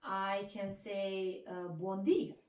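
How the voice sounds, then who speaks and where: Italian-accented woman, roomy distant sound. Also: mid-range voice. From Italy. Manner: expressive, animated, halting English with many restarts. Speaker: Italian language teacher. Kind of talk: conversational interview.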